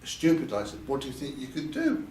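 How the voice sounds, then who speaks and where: A man's voice: mid-range voice, wildly swooping pitch, fairly quick, a little mellow, a little hiss or hum. An older man recalling his past in a candid interview, hesitant and repeating words as he goes. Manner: hesitant, repeats words, quotes others in a lifted voice. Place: event venue. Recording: roomy sound from a distant mic, faint ambience.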